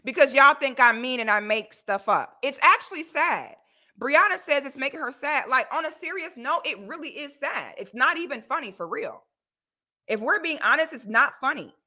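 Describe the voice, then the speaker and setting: A woman from Florida hosting a casual commentary livestream, talking bluntly and animatedly with loud exclamations. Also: high-pitched, lively intonation, normal speed. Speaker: livestream host.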